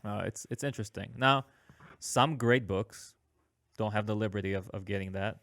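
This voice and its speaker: A man's voice: fairly low pitch, moderate pace, creaky, fairly bright tone, no room sound, clean studio sound. A man hosting a podcast, talking earnestly with many hesitations and frequent laughs. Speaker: podcast host. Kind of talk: casual podcast chat.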